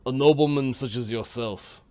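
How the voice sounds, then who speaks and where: A man's voice: medium pitch, moderate pace, mellow, lightly acted. A man voicing a shrewd, menacing male bookie with a put-on Russian-style accent and broken grammar.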